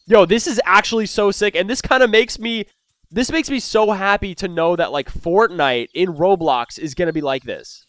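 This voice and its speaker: A young man giving excited gameplay commentary as a gaming YouTuber, swinging between hushed muttering and loud outbursts. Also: high voice, moderate pace, no echo.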